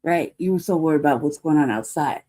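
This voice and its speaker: A woman's voice: low-pitched, quick pace, mellow. Heated, profane American woman ranting. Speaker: show host. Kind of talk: ranting commentary.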